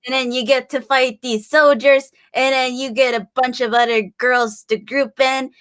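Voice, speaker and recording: Young woman from Illinois, interview guest; bubbly and giggly, a fairly high voice, breaks into playful voices mid-story. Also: flat delivery, moderate pace, fairly bright tone. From Illinois, USA. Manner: bubbly and giggly, acts out voices in her stories. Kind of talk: casual chat.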